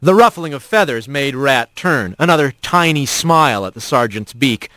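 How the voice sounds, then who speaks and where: A man narrating an animal story in an expressive storytelling way. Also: mid-range voice, moderate pace, hardly any pauses, no echo. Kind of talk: scripted narration.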